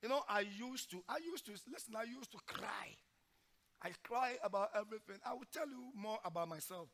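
A male pastor preaching a sermon in church, swinging from loud, forceful exhortation to hushed, emotional storytelling. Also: sits high, animated. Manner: sings hymn lines slowly during the sermon.

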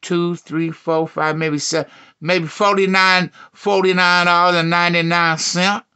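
Brash, insistent high-voiced woman, put on by a man, bright and gravelly. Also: little pitch movement, unhurried, heavily acted. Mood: wheedling. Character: pushy excited woman on a dating site.

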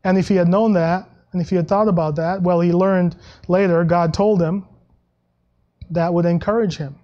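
A male pastor preaching a sermon in a conversational way, with frequent restarts and soft laughs, and dropping his voice when he quotes scripture. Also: fairly even intonation, normal speed, lo-fi sound. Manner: acts out Bible quotes in a lower voice.

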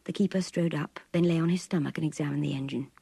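Brief: older woman narrator, gravelly and very husky, close dry audiobook read. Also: sits low, steady tone, fast talker, dark tone, dry recording. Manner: intimate, breathy half-whisper narration. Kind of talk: audiobook reading of a classic novel.

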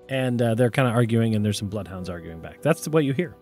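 Chill dude narrating a tabletop game, talks casually, ums and likes. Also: male voice, on the low side, fast talker, few pauses, soft background music. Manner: relaxed, conversational narration with fillers. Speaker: game master.

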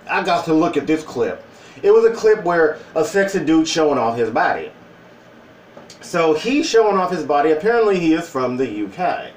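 A man's voice: fairly high pitch, moderate pace, far from the mic, slight background noise. Chatty man in an echoey room. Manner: animated, joking asides, breaks into put-on voices. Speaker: vlogger. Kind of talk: casual opinion vlog.

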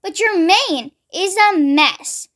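A woman's voice: very high-pitched, lively intonation, slow pace, fairly bright tone, full character voice. A young woman reading a clever elephant who teases in a dry, sensible way for a storybook. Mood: teasing.

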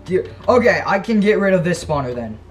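A young man giving casual, excitable commentary over his own gameplay, gasping and yelping when startled. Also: high-pitched, fast, faint music behind. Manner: jumpy, excitable, yelps and gasps when startled. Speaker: gaming channel host.

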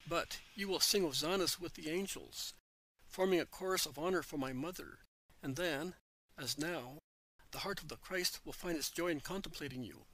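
A man reading a calm, tender spiritual teacher. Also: on the high side, normal speed, low-quality recording.

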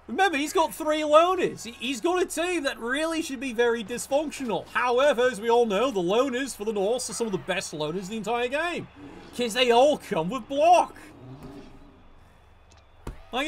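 A man's voice: very high-pitched, fairly bright tone, a little hiss or hum. A man commenting on his own video game match, swearing often and sounding exasperated and sarcastic. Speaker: gaming streamer. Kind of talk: ranting live game commentary.

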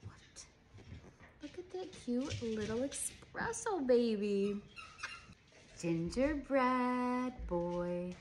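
A woman's voice: on the high side, expressive, drawn-out words, background noise. A woman who breeds dogs, showing puppies one by one and cooing at them in baby talk. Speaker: dog breeder. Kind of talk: cooing puppy showcase.

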